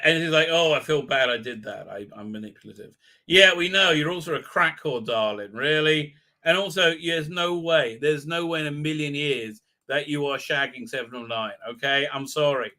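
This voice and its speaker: A man's voice: on the high side, sharp tone. A man hosting a live stream, recapping an episode in a rambling, irreverent way with lots of fillers. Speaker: show host.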